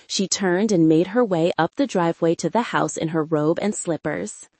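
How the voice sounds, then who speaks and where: A woman narrating an audiobook in an expressive, wry first-person voice. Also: lowish voice, normal speed, few pauses, no room sound.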